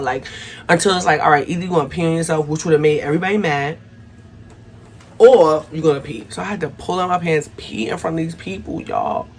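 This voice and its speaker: A woman's voice: lowish voice, slight background noise. A young adult woman telling a personal story to her viewers in a casual, chatty way, often calling them y'all. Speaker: vlogger.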